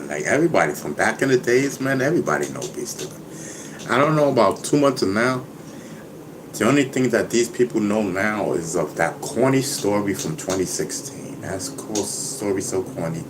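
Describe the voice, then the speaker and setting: A man's voice: deep voice, background noise. A man talking casually to his viewers, boastful and laughing, who keeps saying "you know what I mean". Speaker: vlogger.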